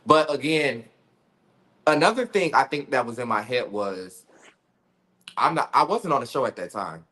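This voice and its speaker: A man's voice: medium pitch, lively intonation, moderate pace, bright, forceful tone. A man talking as a guest in a casual interview, blunt and candid, laughing often and using slang. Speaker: reality show cast member, guest.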